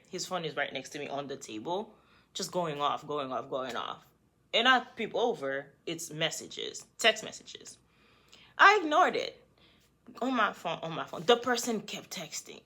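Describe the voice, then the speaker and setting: A woman vlogger telling a story in a lively, conversational way, talking straight to the viewer. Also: sits low, normal speed, breathy edge. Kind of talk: storytime vlog.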